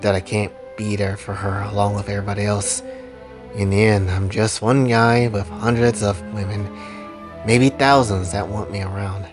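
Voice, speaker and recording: A tender young husband, as a man reads him, soft-spoken and earnest, reassuring in a low, quiet voice. Faint music runs underneath. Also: little pitch movement, moderate pace, lightly acted.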